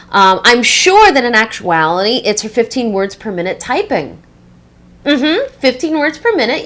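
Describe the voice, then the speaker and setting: A woman's voice: mid-range voice, natural voice. An actress playing a young catty woman who sabotages her former employee with gushing, backhanded praise over the phone. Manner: sweetly sarcastic, gushing, backhanded. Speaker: former boss giving a job reference by phone. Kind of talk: scripted comedy monologue.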